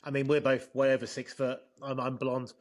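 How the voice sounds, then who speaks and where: A man's voice: medium pitch, completely flat delivery, moderate pace. A man with an English accent in casual chat, often stumbling and repeating words as he talks. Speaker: co-host.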